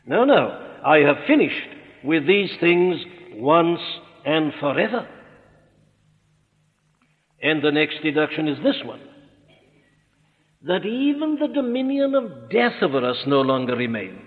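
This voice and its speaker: A man preaching an expository sermon, earnest and emphatic, slowing down to stress his points. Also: a little high, sing-song. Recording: echoey hall on a tinny narrow-band recording.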